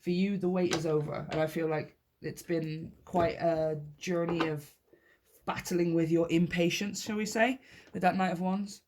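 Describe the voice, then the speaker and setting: A woman's voice: on the low side, a little mellow. A woman giving a casual tarot reading to her viewers, upbeat and encouraging, often laughing and repeating key phrases for emphasis. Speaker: tarot reader.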